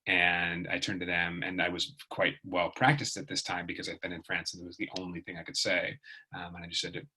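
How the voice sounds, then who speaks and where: A man's voice: deep voice, little pitch movement, fairly quick, sharp tone, slightly rough, rough recording. A man tutoring in a casual, rambling video lesson, chatty and full of fillers and restarts.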